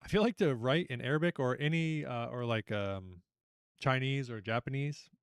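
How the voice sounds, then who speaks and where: A young man hosting a casual online trivia night, chatty and animated as he reads out questions and reacts to the players. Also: mid-range voice, normal speed, clean tone, no room sound, clean studio sound. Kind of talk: casual livestream quiz hosting.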